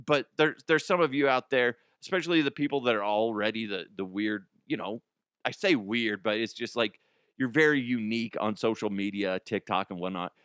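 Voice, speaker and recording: A man's voice: on the low side, a little fast, fairly bright tone, clear, resonant tone, no room sound, studio quality. A man hosting a comedy news show, rambling and profane, often dropping into silly put-on voices.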